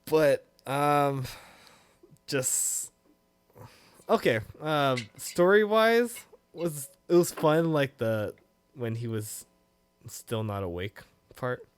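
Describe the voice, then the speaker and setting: A podcast co-host chats casually and animatedly, swearing freely and bursting into loud laughs. His voice is on the high side and smooth, and he talks very slowly. There's no room sound.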